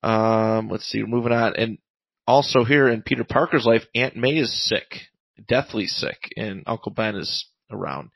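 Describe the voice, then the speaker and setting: A man's voice: on the low side, a little slow, vocal fry, a bit bright, dry recording, low-quality recording. A man co-hosting a podcast, casually recapping a comic book in a rambling way full of fillers. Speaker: podcast co-host reviewing comics.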